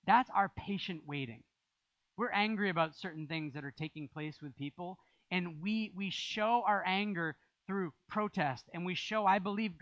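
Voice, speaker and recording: A man's voice: sits high, a bit bright, dry recording, muffled recording. A man preaching a sermon as pastor, in a conversational style with rising emphasis.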